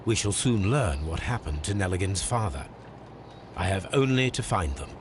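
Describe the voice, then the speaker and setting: An actor playing a calm, sardonic male detective, speaking in a dry, measured way. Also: deep voice, background noise.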